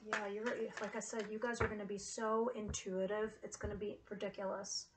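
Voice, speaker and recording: A woman's voice: mid-range voice, flat delivery, a little fast, background noise. A woman giving a casual tarot reading to camera, earnest and emotional, with casual swearing. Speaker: tarot reader.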